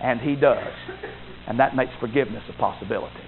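A man preaching a sermon with emphatic delivery, rising to loud exclamations and dropping to low asides. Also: brisk. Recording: tinny phone-like sound with faint noise.

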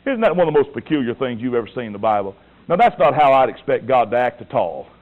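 A man preaching a sermon with passion, firing rhetorical questions and swinging between hushed tones and shouts. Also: medium pitch, big pitch swings, quick pace. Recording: tinny, phone-like lo-fi recording.

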